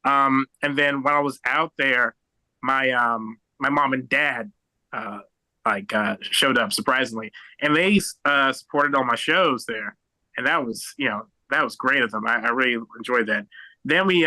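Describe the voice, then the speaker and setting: A young American man doing a stand-up set over a video call, halting and rambling with many fillers and restarts. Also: medium pitch, pushed and bright, no room sound, low-quality recording. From United States. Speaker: stand-up comedian.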